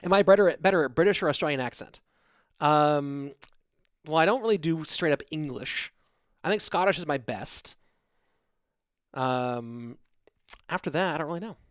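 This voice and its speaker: This solo esports caster is a young man broadcasting from his home office, his fairly high voice moving at a moderate pace with frequent pauses. He talks loosely and directly to viewers between games, reading their chat, in a dry, studio-quality recording.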